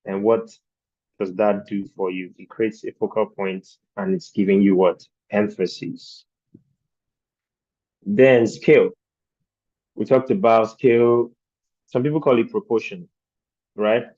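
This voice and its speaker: A man's voice: on the low side, steady tone, a little slow, long pauses, warm tone, no room sound, lo-fi sound. A man teaching design principles in a virtual training session, explaining patiently and asking rhetorical questions of his class. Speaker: design instructor.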